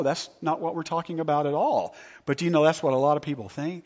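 A man delivers a sermon as pastor in a somewhat high voice, animated and quick to toss rhetorical questions at the congregation. His voice rings with a long hall reverb. The recording sounds dull and muffled.

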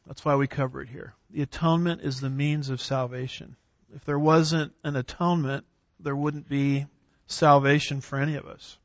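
Male theology lecturer, a touch high-pitched, deliberate scripture reading, dry dull lo-fi recording. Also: steady tone, no echo. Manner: reads scripture slowly with emphasis; clears throat, occasional fillers. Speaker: theology teacher. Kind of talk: classroom lecture on doctrine.

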